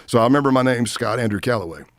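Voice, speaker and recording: Racing along in a medium-pitched voice, the retired FBI agent tells a story as a guest on a casual podcast interview, animatedly acting out what the people in it said. He is middle-aged, and the clean studio sound has no echo.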